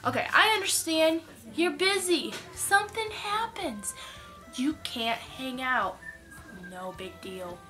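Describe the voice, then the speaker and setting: A woman's voice: high-pitched, slow pace, faint music behind. Chatty young woman vlogger with a sore throat. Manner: chatty, animated storytelling with many "like"s. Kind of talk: casual chat to camera.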